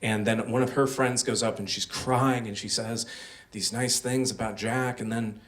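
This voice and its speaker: A man's voice: mid-range voice, steady tone, normal speed, far from the mic. A young man telling a personal story on stage at a live storytelling show, casual and self-deprecating, with many fillers.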